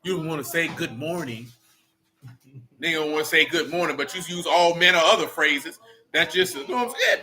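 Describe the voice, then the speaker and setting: A man's voice: on the high side, a little fast, pushed and bright, slight background noise. A man leading a casual Bible study, blunt and slangy as he preaches and rants.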